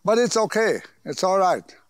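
An older man, a medicine man, giving a slow, halting, earnest spoken message outdoors in open country. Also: high voice, lively intonation, no room sound. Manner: slow, halting, earnest speech with many pauses.

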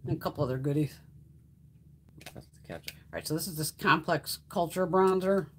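A woman's voice: sits low, fast talker, a little hiss or hum. A middle-aged woman chatting casually while hosting a beauty livestream, swearing freely and laughing often. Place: home makeup room.

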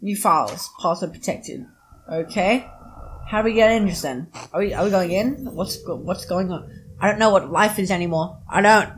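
A woman's voice: on the low side, moderate pace, slight background noise, rough recording. A woman commentating while playing a video game, yelping and laughing at what happens on screen. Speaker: gaming video host. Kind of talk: let's play commentary.

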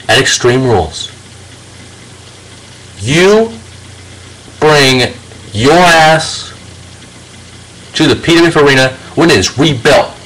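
Man with a slightly high voice, heated and confrontational, swearing constantly. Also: a bit bright, rough recording. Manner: confrontational, swears heavily, addresses a rival directly. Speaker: video channel host. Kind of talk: angry profane rant to camera.

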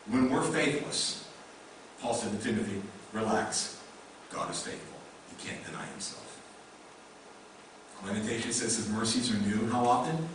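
A man's voice: medium pitch, slight background noise. Man preaching in an echoey church. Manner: conversational preaching with rhetorical questions. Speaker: pastor. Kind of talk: sermon. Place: church sanctuary. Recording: echoey room mic from a distance.

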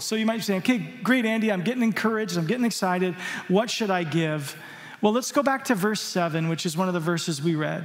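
A male pastor preaching a sermon, emphatic and exhorting his congregation. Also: high-pitched. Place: church auditorium. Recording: long hall reverb.

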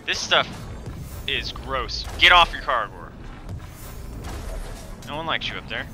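Excitable gamer yelling over gameplay. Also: male voice, medium pitch, unhurried, soft background music. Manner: excitable, yelling and groaning at the game. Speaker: gaming streamer. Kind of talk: live gameplay commentary.

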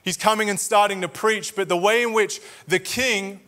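Australian pastor, jokey conversational preacher, a higher voice with a forceful edge. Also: male voice, fairly even intonation, moderate pace. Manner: joking, conversational preaching to a crowd. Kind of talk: sermon. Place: church auditorium.

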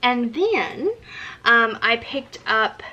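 A woman's voice: fairly high pitch, big pitch swings, very slow, sharp tone, dull audio. A young woman vlogger chatting casually about gifts she picked, with lots of ums and likes and eager enthusiasm. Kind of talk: casual gift show-and-tell.

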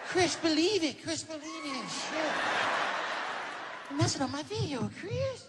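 A man doing a soft, high, breathy pop star. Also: sing-song, exaggerated voice. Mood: scolding. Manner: gentle, airy, drawn-out phrasing. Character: soft-spoken gentle male pop star, high and whispery. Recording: noisy live comedy recording.

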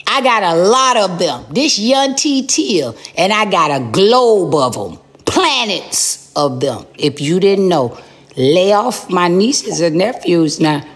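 A woman hosting a live stream, roasting the person on the phone in a sassy, scolding way with drawn-out emphasis. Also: sits low, breathy edge. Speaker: live-stream host making prank calls. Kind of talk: brash comic phone roasting.

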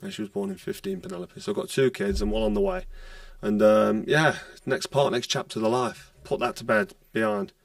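A retired boxer, telling stories bluntly in a casual podcast chat and swearing freely. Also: male voice, on the high side, expressive, brisk, gravelly, few pauses, no room sound, studio quality, distant mic. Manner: blunt, swears freely, acts out quoted dialogue.

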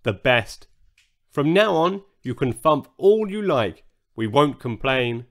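A man voicing a brisk, motherly female dinosaur who talks decisively in a children's story. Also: medium pitch, sing-song.

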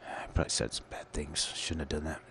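A man's voice: a bass voice, brisk, vocal fry, fairly bright tone, a little hiss or hum. A man hosting his own show, rambling through a crude, profane, absurd monologue into a computer call setup. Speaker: solo show host.

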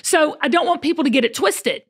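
A high-pitched woman hosts a relaxed chat. She talks emphatically, with fired-up, preachy bursts. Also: brisk. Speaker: show host. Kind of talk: casual chat.

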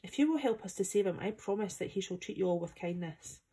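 A woman's voice: mid-range voice, expressive, fast talker, dark tone, husky. A woman voicing an eager, simple-minded scarecrow made of straw in a storybook reading.

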